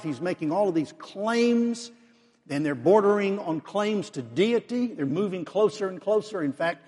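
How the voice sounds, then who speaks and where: A man preaching an expository sermon, sometimes acting out the Pharisees' voices with rising pitch. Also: animated, moderate pace, a little mellow. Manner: fillers and restarts, expository. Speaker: pastor. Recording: long hall reverb.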